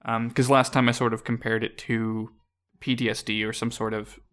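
A young man chatting loosely on a podcast, his voice sitting at an ordinary middle pitch. He rambles, trails off, restarts his sentences and laughs often as he talks. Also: normal speed. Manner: rambling, relaxed, laughs often, many fillers. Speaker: podcast co-host. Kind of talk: casual podcast chat.

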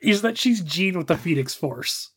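A man co-hosting a podcast in casual chat, excitable and quick to laugh, exasperated at times. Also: sits high, slightly rough. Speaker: podcast co-host.

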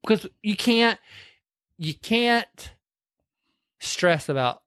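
A man's voice: high-pitched, lively intonation, extremely slow, fairly bright tone, clean tone, no echo. Chatty man retelling a film, dry sound. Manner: chatty, acts out lines in put-on voices. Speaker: podcast co-host. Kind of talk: casual chat retelling a film plot.

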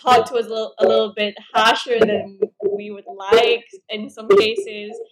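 High-voiced woman podcast host. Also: normal speed, far from the mic, crowd noise, poor audio. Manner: relaxed, conversational, with fillers. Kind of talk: casual interview chat.

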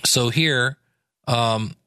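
A man's voice: medium pitch, drawn-out words, pushed and bright, clean tone, dry recording, studio quality. A man giving a casual Bible study talk, reading scripture aloud and breaking off into plain asides with fillers. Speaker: Bible teacher.

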